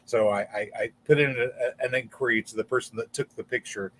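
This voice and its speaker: A channel host with a medium-pitched, steady, slightly bright voice talks fairly quickly on a casual livestream in front of a green screen. He rambles and stumbles over repeated words.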